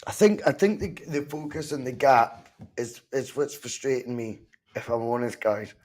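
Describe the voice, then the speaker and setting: On his live football watch-along podcast, a Scottish host keeps things informal, firing off animated reactions, some of them sweary, to the match and to viewers in the chat. His voice is mid-range and his speed normal.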